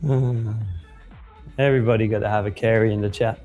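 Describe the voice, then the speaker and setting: A man's voice: on the low side, fairly even intonation, a little fast, warm tone, faint music behind. Guy cohosting a livestream, jokey, reads chat out, laughs a lot. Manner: joking, reads chat aloud, laughs often. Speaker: livestream co-host. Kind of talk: casual live-stream chat.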